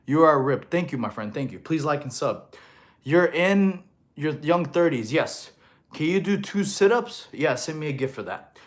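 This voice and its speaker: A man's voice: fairly high pitch, expressive, moderate pace. A man in his thirties from Russia, streaming live as a fitness coach and chatting through viewer comments, a little out of breath after exercise. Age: 30s. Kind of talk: casual livestream chat.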